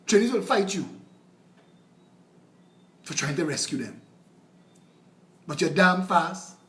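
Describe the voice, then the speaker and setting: A man with a Trinidadian accent giving a satirical political speech in a sardonic tone, moving between slow, solemn lines and quick mockery. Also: a little high, expressive, a bit bright. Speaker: political speaker.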